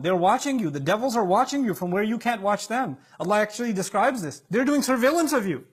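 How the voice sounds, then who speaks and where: A man's voice: sits high, expressive, fairly quick, hardly any pauses, breathy edge. A man preaching a sermon with emphatic delivery, acting out the voices he quotes.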